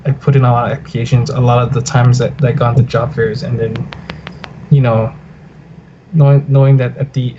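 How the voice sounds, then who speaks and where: A man co-hosting a casual podcast over a video call, talking haltingly with many restarts. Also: medium pitch, dark tone, slight background noise. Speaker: podcast co-host. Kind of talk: casual chat. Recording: dull lo-fi call audio.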